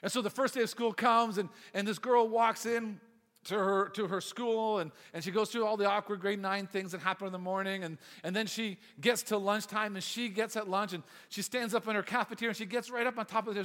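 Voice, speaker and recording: A youth pastor with a high voice tells a story during a sermon at a brisk clip, animatedly acting out the voices of the people in it. A long hall reverb trails his words.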